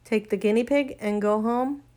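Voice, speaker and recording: A woman reading a storybook aloud, voicing a thoughtful, dreamy young girl with a soft, wondering manner. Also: fairly high pitch, moderate pace, natural voice.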